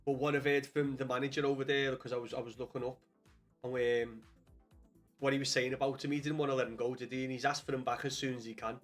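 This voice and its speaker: A man's voice: mid-range voice, little pitch movement, fast talker, soft background music. Chatty Scouse man, swearing. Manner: chatty, swears often, calls viewers lad. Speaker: livestream host. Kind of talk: casual live-stream football chat.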